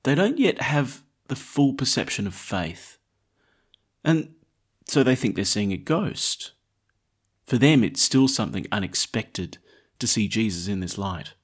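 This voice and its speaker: Lively-voiced priest preaching a homily. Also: male voice, fairly low pitch, measured pace, breathy edge. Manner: lively, conversational preaching with rising emphasis. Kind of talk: gospel reading and homily.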